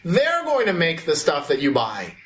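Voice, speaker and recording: A man's voice: a little high, wildly swooping pitch, moderate pace, a bit bright, a little hiss or hum. A man teaching a class, asking questions and calling on students by name. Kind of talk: classroom history lesson.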